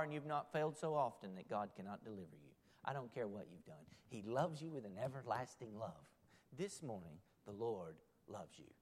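A man preaching a sermon as a pastor, moving between loud urgent pleas and hushed, pleading asides. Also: fairly low pitch, slightly rough. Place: church sanctuary. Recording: long reverb of a large hall.

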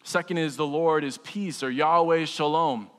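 A man with a slightly high voice preaches to his congregation in a relaxed, joking way, often restarting his sentences. His voice rings out with a long reverb, as in a large church sanctuary. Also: normal speed. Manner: conversational preaching with humor and repeated restarts. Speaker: pastor. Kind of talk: sermon.

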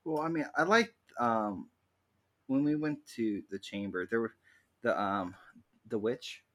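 A young man co-hosting a podcast, talking casually and hesitantly with many pauses and restarts. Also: on the low side, expressive, fairly bright tone. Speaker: podcast co-host. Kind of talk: casual chat.

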